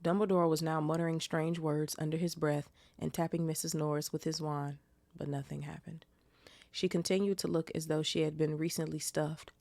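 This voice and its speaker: A woman's voice: low voice, level tone, normal speed, creaky, a little mellow, no room sound. A woman hosting a casual book reaction podcast, chatting in slang and reading the chapter aloud. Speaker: podcast host.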